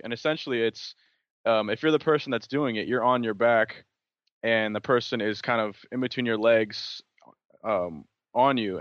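A man's voice: medium pitch, a bit bright, no echo. A man on a podcast telling a story in a rambling, hesitant way. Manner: rambling, hesitant, lots of fillers. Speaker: podcast co-host. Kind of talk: casual storytelling chat. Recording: dull, dry lo-fi audio.

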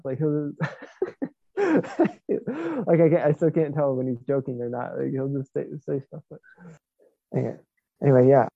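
A man's voice: a little high, creaky, mellow, breathy edge, dry recording, muffled recording. A man, a Franciscan friar, talking casually as a guest and leaning on "like" a lot. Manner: talkative, peppers speech with "like". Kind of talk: casual conversation. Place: Italy.

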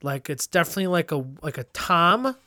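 A man co-hosting a podcast in loose casual chat, jokey and loud, often breaking into goofy tough-guy voices. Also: a little high, animated, fairly quick. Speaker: podcast co-host.

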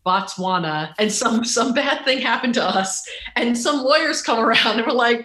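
Guest author, bright forceful voice, storytelling energy, roomy echo. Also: mid-range voice, moderate pace. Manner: lively, acts out quoted voices, laughs often. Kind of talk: animated storytelling in conversation.

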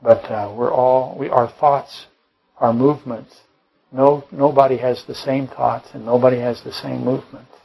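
A man's voice: medium pitch, steady tone, normal speed, gravelly, breathy edge, muffled recording. A man preaching a Bible-study sermon, rambling and correcting himself mid-sentence, firing off rhetorical questions and dropping joking asides. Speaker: pastor.

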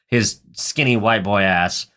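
A man's voice: lowish voice, takes it slowly, fairly bright tone. A young man casually recapping a movie, rambling and joking crudely with lots of fillers. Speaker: podcast co-host.

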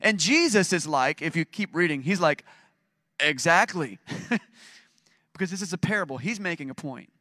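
A man's voice: on the high side, expressive, fairly quick, sharp tone, dry recording, studio quality. Emphatic conversational male pastor. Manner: conversational, emphatic preaching with dramatic readings. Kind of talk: sermon.

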